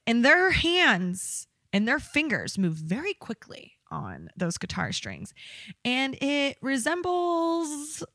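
A woman's voice: a little high, fairly bright tone, dry recording, clean studio sound. A woman co-hosting a casual chat, telling bawdy stories frankly and laughing often. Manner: candid, bawdy storytelling with frequent laughter. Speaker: podcast co-host.

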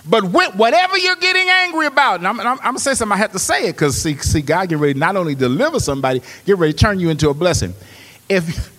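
A man preaching a sermon. He swings between hushed, quick storytelling and loud, rising exhortation. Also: on the high side, long reverb tail. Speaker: pastor. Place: church.

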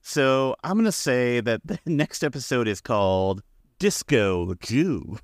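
A man's voice: medium pitch, lively intonation, a little slow, dry recording. A man co-hosting a casual podcast with dry, laid-back jokes. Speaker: podcast co-host.

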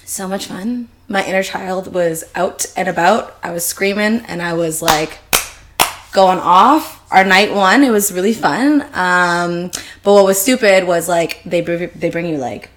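Chatty woman co-host, slightly low voice. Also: a little slow, a little hiss or hum. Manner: animated storyteller, says "like" a lot. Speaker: podcast co-host. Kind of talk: casual chat.

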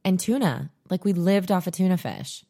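A woman's voice: lowish voice, animated, moderate pace, mellow. A woman in her thirties co-hosting a podcast, telling stories in a dry, self-mocking casual chat. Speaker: podcast co-host.

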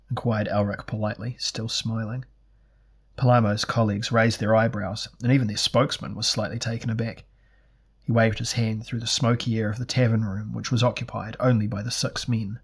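A man narrating a fantasy audiobook in a measured, deliberate reading. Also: lowish voice, little pitch movement, husky.

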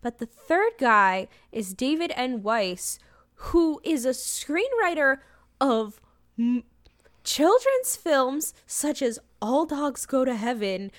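A woman's voice: sits high, big pitch swings, slow, no echo, studio quality. A woman co-hosting a podcast in casual chat, rambling with lots of fillers and casual swearing. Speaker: podcast co-host.

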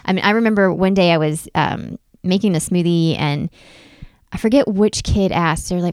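A woman's voice: on the low side, a little fast, clear, resonant tone, no room sound, studio quality. A woman in her thirties chatting casually as a podcast co-host, telling stories with lots of "like". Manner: chatty, animated storytelling with frequent "like". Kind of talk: casual chat.

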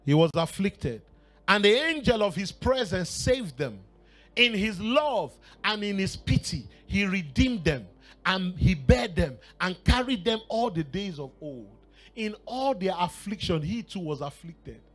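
Animated Nigerian preacher, high lively voice. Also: male voice, a little slow. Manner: storytelling with bursts of laughter and shouted exclamations. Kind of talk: sermon.

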